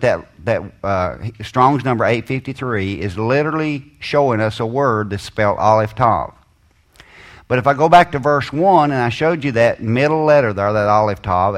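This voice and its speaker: A man leading a Bible study, drawing out quoted verses slowly and giving asides to a helper. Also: medium pitch. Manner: slows and stresses quoted scripture, asides to a helper. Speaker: Bible teacher.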